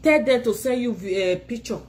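A woman's voice: a little high, a little fast, a little mellow, slight background noise, rough recording. A Nigerian woman ranting in a phone live video from home, scolding and insulting her rivals while tired and sleepy. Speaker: vlogger.

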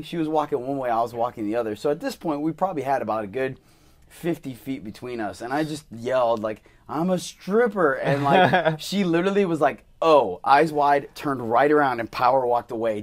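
A young man hosting a casual podcast interview, telling animated stories and acting out quoted voices. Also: medium pitch, fairly quick. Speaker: podcast host and male dancer.

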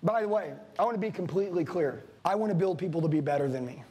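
A man with a high-pitched voice delivers a fired-up sales seminar. He is blunt and preachy, swears casually, and keeps turning to the crowd in front of him. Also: expressive, fast talker, dark tone. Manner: intense, preachy, swears casually, addresses the room directly. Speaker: sales trainer. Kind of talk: motivational seminar speech. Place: room with a live audience.

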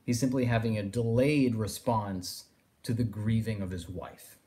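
A man's voice: fairly low pitch, steady tone, measured pace, dark tone. A man giving a philosophy lecture, thinking aloud and circling his points with phrases like "in a sense". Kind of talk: recorded lecture.

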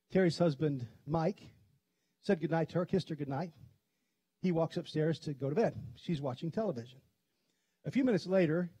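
A middle-aged pastor from Kentucky preaching a sermon, telling stories in a chatty way and laughing often. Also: male voice, a little high, warm tone, slightly rough, no echo. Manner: conversational storytelling, quick to laugh. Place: church sanctuary.

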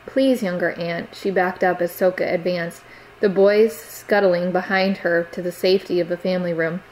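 A woman narrating an audiobook chapter in a steady, measured reading. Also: on the low side, slight background noise, low-quality recording.

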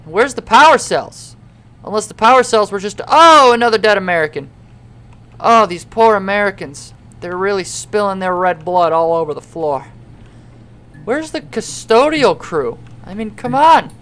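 A young man giving let's-play commentary on a horror game, joking and excitable as he talks to himself while playing. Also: high voice, moderate pace. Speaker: gaming YouTuber.

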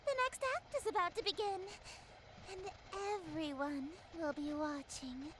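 A woman voicing a theatrical, otherworldly female game character who speaks softly and coaxingly. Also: high-pitched, expressive, unhurried.

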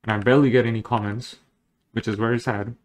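A man's voice: medium pitch, little pitch movement, fast. A man chatting casually as he draws digitally, rambling along with jokes and self-deprecating asides. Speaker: digital artist. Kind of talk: casual commentary while drawing.

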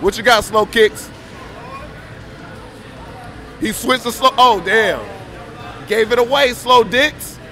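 A man's voice: very high-pitched, a little slow, pushed and bright, some chatter behind. A man trash-talking on a stream mic, boastful, taunting and profane. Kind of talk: brash trash talk.

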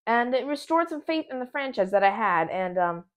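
A woman with a fairly high voice reviews a film casually, spoilers included, at a moderate pace. Her delivery is excitable and rambling, and she keeps restarting sentences.

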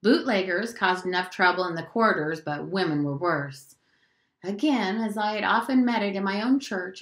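A woman's voice: medium pitch, fairly bright tone. Woman reading a novel aloud, roomy. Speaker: teacher. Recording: roomy echo.

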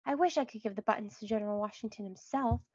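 A woman's voice: on the high side, fast, a little mellow, slightly rough, highs cut off. A woman voicing a nervous but brave teenage boy with an earnest, tense manner.

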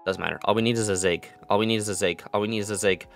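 A young man giving live commentary on his own football video game, muttering plays, then yelling and gloating in a sing-song voice. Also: on the low side, very fast, gravelly, faint music behind. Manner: excitable, swings from mutters to yelling. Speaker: gaming commentator.

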